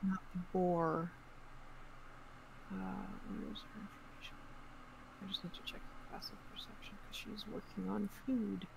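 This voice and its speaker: A woman game master narrating a tabletop game in a relaxed, descriptive, chatty way. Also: medium pitch, moderate pace, creaky, noisy background.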